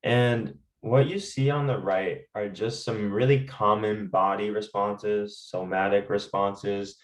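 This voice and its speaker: A man calmly teaching stress management and guiding listeners through breathing exercises, often checking in with "right?". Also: fairly low pitch, reverberant, far from the mic, poor audio. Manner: calm, talks directly to listeners with fillers and "right?". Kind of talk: guided lesson with breathing exercises.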